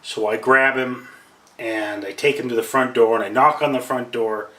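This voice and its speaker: A man talks straight to his camera in a rambling, self-deprecating monologue. His voice is bright and forward. He sits back from the mic in a roomy, echoing space. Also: mid-range voice, fairly even intonation, moderate pace, recorded from a distance. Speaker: vlogger.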